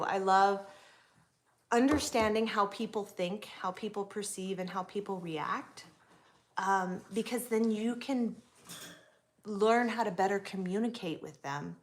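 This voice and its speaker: Woman, 40s, from the US West Coast, chatty livestream host reading and answering viewers, mid-pitched voice. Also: fairly even intonation, unhurried. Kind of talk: casual livestream chat.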